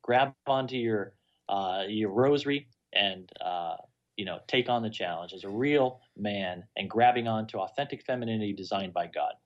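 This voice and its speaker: A man's voice: fairly low pitch, normal speed. Earnest male guest on a dull line. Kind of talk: casual interview chat.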